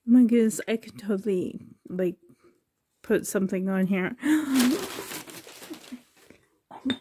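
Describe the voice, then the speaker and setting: A woman's voice: on the high side, steady tone, drawn-out words, pauses often, background noise. A woman opening a package on her vlog, gasping with delight, dropping into whispers, emotional and close to tears. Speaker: reborn doll collector, channel host. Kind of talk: excited unboxing vlog.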